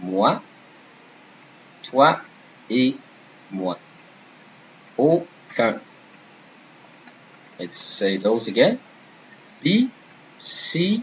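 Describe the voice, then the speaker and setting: A man's voice: on the low side, sing-song, drawn-out words, long pauses, a bit bright, lo-fi sound, slight background noise. A man teaching a beginner French lesson, patiently repeating and modeling each word.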